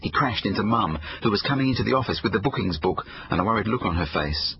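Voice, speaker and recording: A man reading his own children's book aloud, expressive storytelling. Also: on the low side, fast talker, gravelly, lo-fi sound, slight background noise. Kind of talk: audiobook narration for children.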